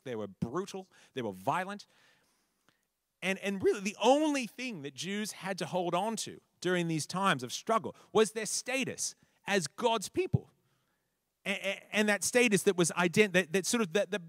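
A man preaching a conversational sermon, animated, repeating words for emphasis and checking in with listeners. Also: sits high, no room sound, clean studio sound.

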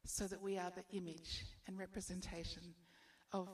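A woman's voice: fairly low pitch, flat delivery, normal speed, distant mic. A woman preaching a sermon, encouraging her listeners with rhetorical questions.

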